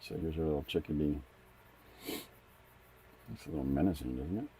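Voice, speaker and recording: A middle-aged man streams himself drawing comics, chatting casually and thinking out loud with frequent restarts. His voice is very deep and mellow, at a normal speed, with a little hiss or hum in the recording.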